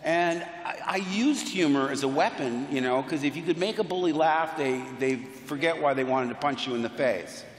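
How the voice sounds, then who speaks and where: A man tells playful, enthusiastic stories from a convention stage. His voice sits a little high for a man. It rings through a large, echoing hall with a long reverb tail. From United States. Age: 60s. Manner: playful, enthusiastic, quick asides and self-deprecating jokes. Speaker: convention panel guest. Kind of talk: animated anecdotal storytelling.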